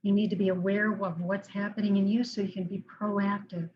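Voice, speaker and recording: A woman counselor giving a calm, instructive talk on managing anger, slowing down to guide breathing exercises. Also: mid-range voice, dull audio.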